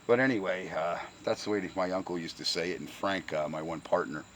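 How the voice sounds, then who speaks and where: A man's voice: low-pitched, brisk, a bit bright, a little hiss or hum. An older retired man from the Pocono Mountains with a slight Pennsylvania Dutch accent, rambling bluntly and profanely in a casual workshop vlog, worn out from the heat. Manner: gruff, blunt, profane, repeats words. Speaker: retired truck restorer. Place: home workshop.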